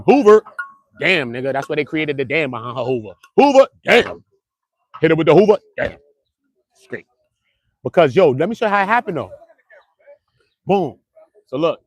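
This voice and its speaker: Guy hosting a live stream, loud slangy storyteller, slightly raised pitch, dry close sound. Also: dry recording. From Brooklyn, New York. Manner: boisterous, slangy storytelling with frequent laughs. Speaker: livestream host. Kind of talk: casual live-stream chat. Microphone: clip-on mic.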